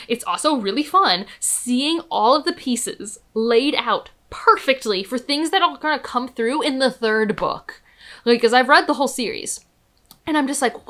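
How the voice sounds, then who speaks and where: In a casual chat, this woman gushes about books with real enthusiasm, her talk full of "like" and "um." She's a book vlogger with a sharp-toned, mid-range voice.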